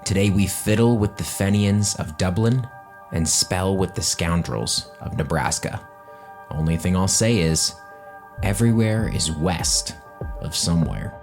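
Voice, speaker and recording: A deep, grave announcer voice, put on by a man, measured and solemn. The pitch sits low and the phrasing is slow, with faint music playing underneath. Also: a little mellow. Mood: ominous. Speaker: podcast co-host.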